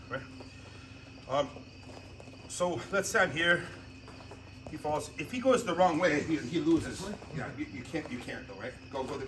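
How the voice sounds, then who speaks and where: A man teaching jiu-jitsu technique on the mat, talking casually and laughing often while he demonstrates. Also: mid-range voice. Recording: noisy gym audio.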